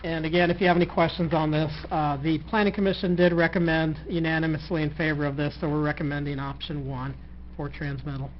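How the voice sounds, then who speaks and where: A man presenting to county commissioners as a planner, speaking in a measured way with hesitant fillers. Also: a little high, flat delivery. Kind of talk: staff presentation. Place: county commission meeting room. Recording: muffled recording with faint noise.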